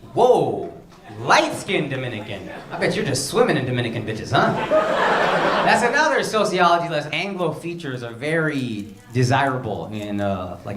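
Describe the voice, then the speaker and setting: Loud profane comedian guy roasting the crowd, high animated voice, echoey club. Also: a little hiss or hum. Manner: brash, profane, teasing the audience. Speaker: stand-up comedian. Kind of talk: crowd-work stand-up. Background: loud audience laughter.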